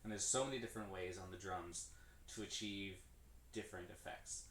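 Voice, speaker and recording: Man, lowish voice, casual rambling drummer, self-correcting, roomy echo, off-mic, clear background noise. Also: a little fast, far from the mic. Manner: rambling, self-correcting, counts stickings aloud. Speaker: drummer streaming his practice. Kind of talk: casual practice-stream explanation. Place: room with a drum kit.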